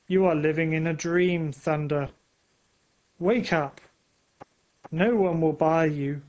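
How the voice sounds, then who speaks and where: A man's voice: a little high, slow pace, a little mellow, lo-fi sound. A man voicing a smug, cold black car in a storybook, speaking in a firm, scolding way.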